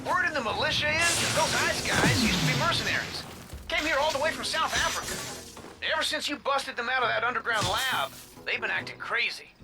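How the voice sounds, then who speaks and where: Game cast: casual young male sidekick, very high voice, loud music under him. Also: expressive, fairly quick. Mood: briefing.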